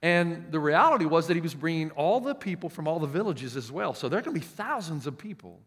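A man's voice: fairly high pitch, big pitch swings, quick pace, fairly bright tone. A male pastor with a Southern US accent preaching a sermon, telling stories emphatically and often restarting his words. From United States. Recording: long reverb of a large hall.

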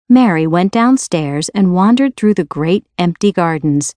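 A woman narrating a storybook in a clear, even, careful reading voice. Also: lowish voice, a little slow, few pauses, no room sound. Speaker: audiobook reader.

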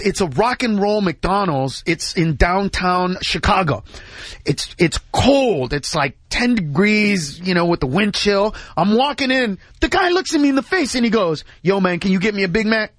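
A man in casual radio studio chat, telling animated stories and acting out the people in them. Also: high-pitched, unhurried, no room sound. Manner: animated storyteller, acts out quoted voices.

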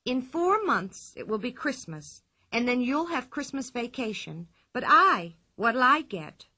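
A woman's voice: a little high, sing-song, measured pace, pushed and bright, no room sound, pitched above the performer's own voice, full character voice. A woman reading a storybook aloud, voicing a bold, cheeky young girl in a brash, indignant manner.

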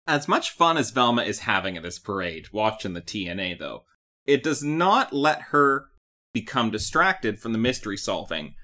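A podcast co-host in a loose, joking movie review, voice swinging up and down with animated expression. The tone is bright and forward, and the delivery is playful and full of storytelling energy. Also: medium pitch, moderate pace. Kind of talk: casual comedic movie review.

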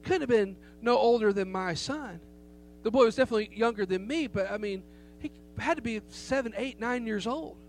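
A man's voice: high-pitched, normal speed. A middle-aged man preaching a sermon, telling a story with emphasis and rhetorical questions to the congregation. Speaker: pastor. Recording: faint hum behind the voice.

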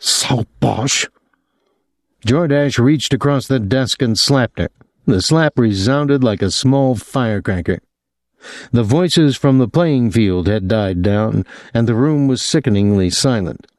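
A man reading an audiobook novel in steady, measured scripted narration. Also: mid-range voice, dry recording.

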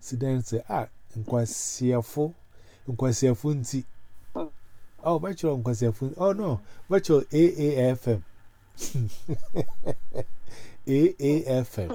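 A man with a Ghanaian accent in a rambling, animated casual chat. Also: mid-range voice, normal speed. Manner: rambling, animated, full of fillers. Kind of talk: casual chat mixing pidgin and Twi.

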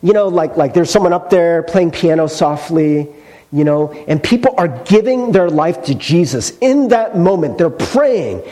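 A man's voice: a little high, expressive, normal speed, mellow. A male pastor preaching a sermon in a conversational storytelling way, with casual fillers.

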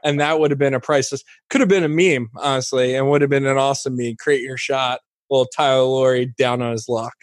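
A man's voice: medium pitch, fairly even intonation, fast talker, few pauses, no echo, studio quality. Wry man riffing on a podcast. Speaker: podcast co-host. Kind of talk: casual sports chat.

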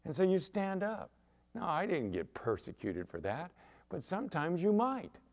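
A middle-aged man, a pastor, preaching a sermon with animated storytelling and acted-out quotes. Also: high-pitched, moderate pace, creaky.

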